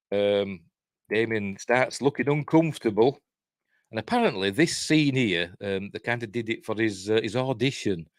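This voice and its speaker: A man's voice: medium pitch, dry recording. A man with a Yorkshire accent giving a rambling, chatty breakdown of a film, full of fillers and chuckles. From Yorkshire, England. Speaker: film reviewer.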